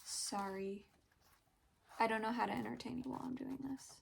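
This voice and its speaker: Hesitant young woman with a gravelly edge. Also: a little high, a little hiss or hum. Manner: hesitant, halting, many pauses and fillers; emotional, soft-spoken. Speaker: vlogger. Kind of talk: personal confessional vlog.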